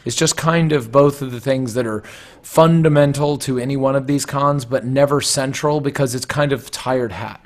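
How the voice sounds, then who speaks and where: A man's voice: mid-range voice, normal speed, slight background noise. A man co-hosting a casual online chat, rambling and explaining at length with many restarts. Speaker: co-host.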